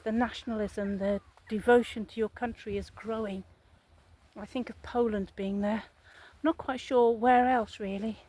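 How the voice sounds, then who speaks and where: A woman's voice: a little high, steady tone, normal speed, a little mellow, low-quality recording. A woman, talking casually to her viewers in a rambling, chatty vlog monologue and putting questions to them. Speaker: vlogger.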